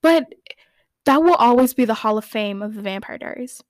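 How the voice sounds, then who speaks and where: A woman's voice: on the high side, quick pace, dry recording. A woman hosting a podcast in casual fan recap chat, rambling, giggly and playfully opinionated. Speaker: podcast host.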